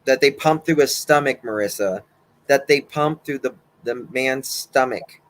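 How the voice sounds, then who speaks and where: A man's voice: mid-range voice, unhurried. A man co-hosting a casual livestream, agreeing along and reading out viewer messages. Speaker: livestream co-host.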